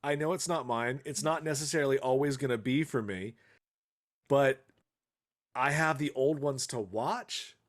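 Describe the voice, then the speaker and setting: A podcast co-host with a medium-pitched voice chats casually at a normal speed, telling animated stories and swearing freely.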